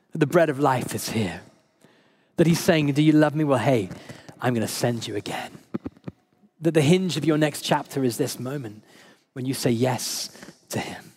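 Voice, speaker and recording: A man's voice: mid-range voice, slightly rough. A man preaching a sermon as a priest, telling stories conversationally and emotionally, with frequent laughs. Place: church service.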